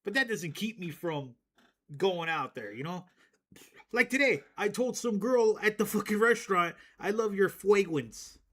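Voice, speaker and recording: A man's voice: high voice, expressive, normal speed, sharp tone. A man streamer ranting casually to his chat, profane and rambling, often laughing at himself.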